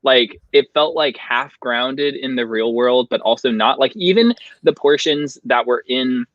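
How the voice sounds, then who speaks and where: A relaxed man hosts a book chat and steers the talk along. His audio is dull and muffled. It sounds dry and close. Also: medium pitch, unhurried, dry recording. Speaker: host. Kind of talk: casual book discussion.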